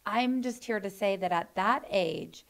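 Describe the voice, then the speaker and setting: A woman's voice: medium pitch, measured pace, creaky. Woman, middle-aged, mother, earnest and protective, talk show chat. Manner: earnest, defends her son at length. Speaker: mother of a guest. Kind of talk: emotional family discussion.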